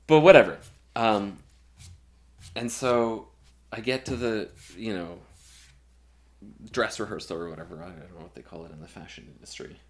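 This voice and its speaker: A man's voice: fairly low pitch, moderate pace, long pauses. A young man telling a long, profane anecdote in a casual chat, full of fillers and asides. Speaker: guest musician.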